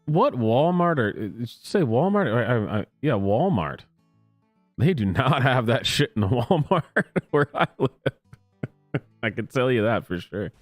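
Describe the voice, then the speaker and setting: A man's voice: medium pitch, big pitch swings, measured pace, dry recording, faint music behind. A man hosting a comedic reaction video, making sarcastic, laughing asides about clips.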